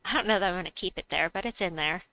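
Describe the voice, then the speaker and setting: A woman's voice: on the low side, very fast, pushed and bright, no echo, poor audio. A woman streaming a game, chatting casually, reading viewers' messages aloud and laughing often. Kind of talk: casual live-stream chat.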